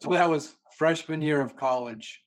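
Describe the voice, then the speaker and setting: A man from Boston, a sales consultant and podcast guest, who tells stories in an animated way and acts out the voices in them. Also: on the high side, moderate pace. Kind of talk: storytelling in a podcast interview.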